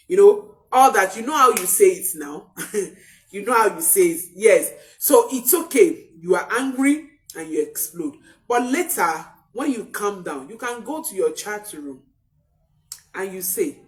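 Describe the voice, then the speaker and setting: A woman parenting coach giving a motivational talk, expressive and repeating key phrases for emphasis. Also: mid-range voice, unhurried, distant mic.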